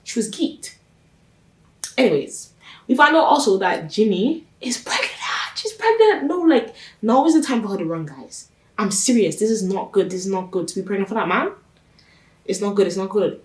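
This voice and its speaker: A woman recaps a TV series on her own reaction channel, gossiping chattily and hammering her points home by repeating them. Her voice is medium-pitched and expressive at a normal speed, and the sound is roomy, as if she's some distance from the mic.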